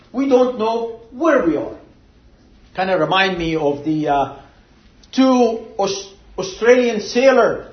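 A man delivers a sermon at an unhurried, measured pace, his voice sitting unusually high. He builds his points with emphatic swells and stretches of storytelling. The sound carries a roomy echo and a somewhat muffled, lo-fi quality. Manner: slow, deliberate preaching with storytelling and emphatic swells. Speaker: preacher.

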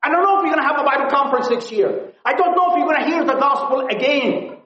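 A man preaching a sermon at a conference, pleading and impassioned, swinging from loud appeals to hushed tones. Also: very high-pitched, fast talker. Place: conference hall. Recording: echoey, dull lo-fi hall recording.

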